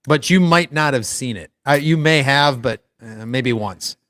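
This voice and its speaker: A man's voice: mid-range voice, a little slow, a bit bright, no echo, clean studio sound. A man co-hosting a casual podcast. He is easygoing and agreeable while quizzing his partner. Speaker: podcast co-host. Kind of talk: casual chat.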